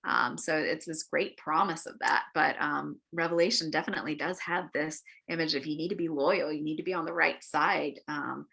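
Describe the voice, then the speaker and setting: A woman leads a church Bible class in a bright, clear voice that sits a little low for her. She talks through the lesson in a chatty, storytelling way, with plenty of ums and short acted-out quotes. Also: fairly even intonation, normal speed, hardly any pauses. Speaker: Bible study leader. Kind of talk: adult-forum Bible lesson. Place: church meeting room.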